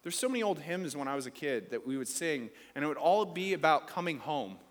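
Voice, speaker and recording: Higher-voiced man preaching in a reverberant church. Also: big pitch swings, a little fast. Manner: conversational preaching, rising emphatic peaks. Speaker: pastor. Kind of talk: sermon. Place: church sanctuary. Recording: reverberant church hall with faint music.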